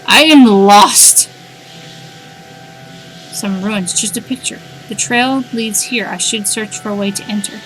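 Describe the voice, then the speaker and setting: A woman streaming a game live, reading the game's text aloud and chatting, reacting out loud and talking to her cat. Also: mid-range voice, rough recording.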